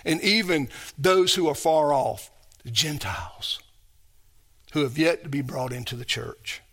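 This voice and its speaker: A man's voice: a little high, a little slow, fairly bright tone. A man preaching a sermon as pastor, emphatic and full of rhetorical questions put to his congregation.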